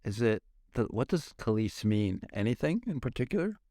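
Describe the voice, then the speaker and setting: A man's voice: mid-range voice, sing-song, moderate pace, mellow, no room sound, clean studio sound. A man hosting a podcast interview, joking with his co-host and asking the guest questions.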